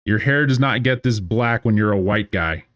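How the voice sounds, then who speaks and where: A man's voice: on the low side, normal speed, a bit bright, no room sound, clean studio sound. A man in his thirties giving casual gameplay commentary as a streamer, sarcastic, rambling and profane.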